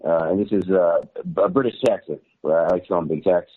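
A man's voice: low-pitched, fairly even intonation, moderate pace, long pauses. A man telling a story as a journalist guest, rambling with fillers and laughs. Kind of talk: casual storytelling on a call-in show. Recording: tinny phone line.

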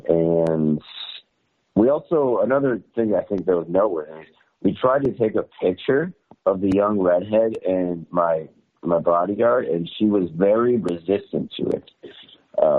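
A man telling a story as a journalist guest, rambling with fillers and laughs. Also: sits low. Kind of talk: casual storytelling on a call-in show. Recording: tinny phone line.

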